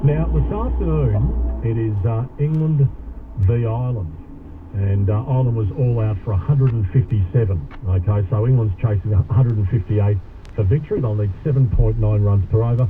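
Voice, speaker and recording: A man's voice: on the low side, moderate pace. A man hosting talk radio, casual and matey, chatting with callers. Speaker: radio host. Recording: tinny radio broadcast with faint noise.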